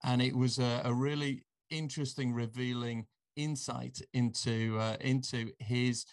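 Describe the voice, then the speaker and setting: A man's voice: mid-range voice, little pitch movement, measured pace. A man hosting a podcast in a rambling, casual way, full of ums and uhs. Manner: rambling, hesitant, with many fillers. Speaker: podcast host. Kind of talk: casual chat.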